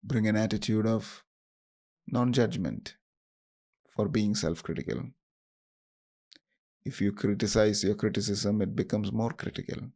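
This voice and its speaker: A man hosting a podcast, guiding listeners through a self-compassion practice in a slow, gentle, instructive way with pauses. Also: lowish voice, steady tone. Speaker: podcast host.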